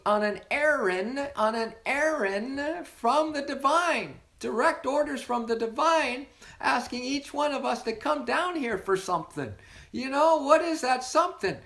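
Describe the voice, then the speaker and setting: In a high voice, the online spiritual sobriety meeting's leader shares stories as part of an inspirational talk. The manner is affectionate, playful, and meandering, with many repeated words.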